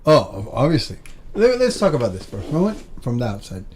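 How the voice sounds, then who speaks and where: Lively teasing podcast host, man. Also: mid-range voice, brisk, a little hiss or hum. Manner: teasing, interjecting with questions. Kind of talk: casual chat.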